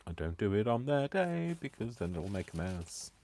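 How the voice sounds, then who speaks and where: A man's voice: on the low side, sing-song, moderate pace, darkish tone, a little hiss or hum. Giddy rambling man crafting on a live stream. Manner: giddy, rambling, talks to himself. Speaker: crafting vlogger. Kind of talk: casual live-stream chat while crafting.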